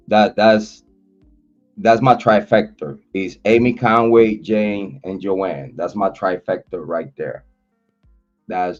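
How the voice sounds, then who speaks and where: A man hosting a livestream, chatting loosely with his viewers in a slangy, repetitive style and giving shout-outs. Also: low-pitched. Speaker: livestream host. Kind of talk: casual livestream chat. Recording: dull lo-fi audio, faint music.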